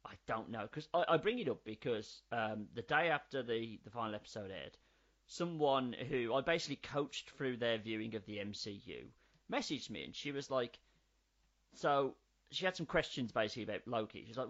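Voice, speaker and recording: Man, 30s, animated casual podcast co-host; slightly dull recording. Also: mid-range voice, a little fast. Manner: animated, swears freely, riffs on ideas. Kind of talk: casual chat.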